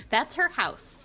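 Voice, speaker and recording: On a live stream, a woman from New Jersey chats casually with viewers in a playful, teasing way. She laughs a lot, and her pitch swoops upward whenever excitement hits.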